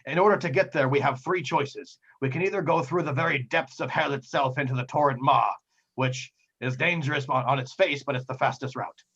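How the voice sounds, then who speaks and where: A man voicing a clumsy, gruff male pirate captain with a hook for a hand, who talks in old-timey pirate slang. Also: mid-range voice, brisk, fairly bright tone, highs cut off.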